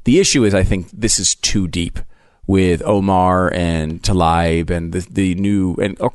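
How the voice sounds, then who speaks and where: A man co-hosting a talk radio show, arguing his points quickly with a wry edge. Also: deep voice, fairly even intonation, no room sound, clean studio sound. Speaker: radio co-host. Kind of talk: casual political talk radio banter.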